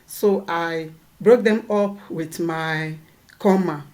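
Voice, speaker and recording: A woman's voice: on the low side, takes it slowly, darkish tone. A woman teaching a lesson, patiently repeating points and checking that her students follow. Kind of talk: classroom lesson.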